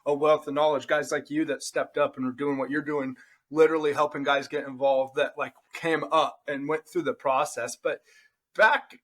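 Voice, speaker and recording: Higher-voiced man hedging his points. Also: steady tone, normal speed, a bit bright. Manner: hedging, qualifies his points, tags lines with "right?". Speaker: podcast host. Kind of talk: casual interview chat.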